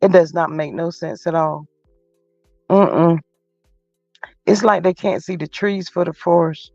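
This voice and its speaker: A woman's voice: on the low side, steady tone, measured pace, creaky, a little mellow, no echo. A woman hosting a casual live chat, reading out viewer comments in a gossipy way and dropping in frequent mm-hmm's. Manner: chatty and gossipy, frequent mm-hmm interjections. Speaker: livestream host. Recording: muffled lo-fi audio with faint music.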